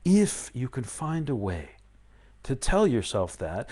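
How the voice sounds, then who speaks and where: Animated man with a lively voice. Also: takes it slowly. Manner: animated, acts out inner voices with sudden high yelps; shifts between loud outbursts and quiet calm explaining. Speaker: spiritual teacher. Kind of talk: live-streamed talk.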